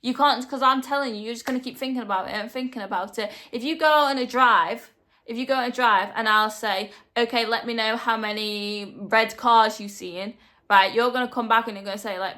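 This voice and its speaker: A young woman speaks directly to camera in a motivational vlog, earnest and emphatic, repeating her points to drive them home. Her voice is a little high and a bit bright, at a moderate pace.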